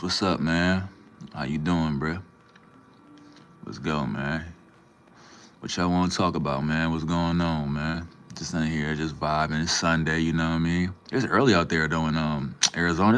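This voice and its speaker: Very deep-voiced laid-back man. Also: fairly even intonation, normal speed, fairly bright tone, clean tone. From Minnesota, USA. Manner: laid-back, slangy, greets chatters by name. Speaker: livestream host. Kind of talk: casual livestream chat with viewers.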